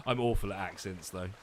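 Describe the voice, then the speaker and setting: Male game streamer, lower register, casual chatty manner, hedges a lot, quick to laugh. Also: noisy background. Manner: relaxed and chatty, hedging with fillers and laughing often. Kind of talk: casual live-stream chat reading viewers' comments.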